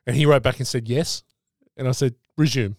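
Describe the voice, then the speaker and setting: A man co-hosting a casual sports podcast, mostly agreeing and adding quick anecdotes. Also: mid-range voice, steady tone, vocal fry, no echo, clean studio sound. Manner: agreeable, quick back-and-forth. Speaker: podcast co-host.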